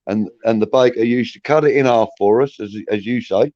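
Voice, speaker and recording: A man's voice: medium pitch, a little fast, hardly any pauses, darkish tone, dry recording. A man in his fifties from southeast England, telling rambling anecdotes in casual chat. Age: 50s. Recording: dry muffled lo-fi audio.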